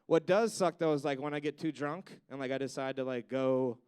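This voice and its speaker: A man's voice: mid-range voice, fairly quick, darkish tone, smooth. Rambling, profane stand-up comic man. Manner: rambling, profane, lots of "like" and "you know". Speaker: stand-up comedian. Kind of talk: stand-up comedy set.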